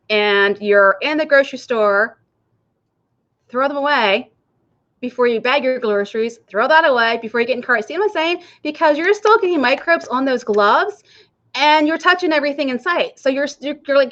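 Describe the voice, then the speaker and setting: A woman with a fairly high voice gives a casual coaching talk as a nurse and health coach. She chats straight to her viewers and keeps asking them questions. The recording sounds dull and lo-fi. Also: fairly bright tone. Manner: chatty, addresses viewers directly.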